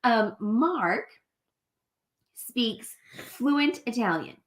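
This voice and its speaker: A woman's voice: on the high side, very slow. A woman co-hosting a casual live travel chat, telling stories with lots of laughter. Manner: animated storytelling, laughs often.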